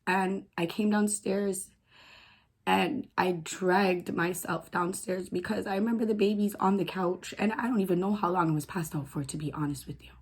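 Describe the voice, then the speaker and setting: A woman telling her own story to camera in a halting, repetitive way, full of fillers and often hushed. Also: mid-range voice, fairly even intonation, slightly rough. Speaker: vlogger.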